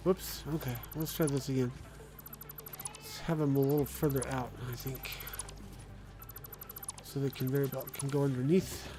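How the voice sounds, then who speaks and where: A man's voice: mid-range voice, flat delivery, moderate pace, pauses often, background noise. A man streaming a building game, muttering to himself as he works and chatting to his cat and viewers. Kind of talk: casual game stream chat. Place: home room with a cat. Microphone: close desk microphone.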